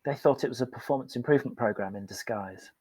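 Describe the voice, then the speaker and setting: Speaking quickly in a medium-pitched voice with a darkish tone and a breathy edge, a male performance coach shares candid stories on a podcast. He's open and self-deprecating about his past work, and the recording has no room sound.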